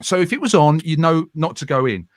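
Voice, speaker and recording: A radio presenter in his forties chatting as a guest, telling self-deprecating stories with quick, lively asides. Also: fairly high pitch, dry recording. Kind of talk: casual storytelling chat. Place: home room.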